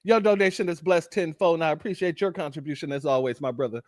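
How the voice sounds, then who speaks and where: An American man hosting a live-stream commentary, sarcastic and animated, calling his viewers family. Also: on the high side, quick pace, no echo, studio quality. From United States.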